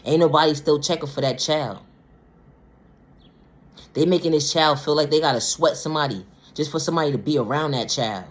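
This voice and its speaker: A woman vlogger delivering a blunt, profane monologue rant, swinging between low, quiet stretches and loud, high outbursts. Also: a little fast. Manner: blunt, profane, repeats "ma'am, sir" and "respectfully".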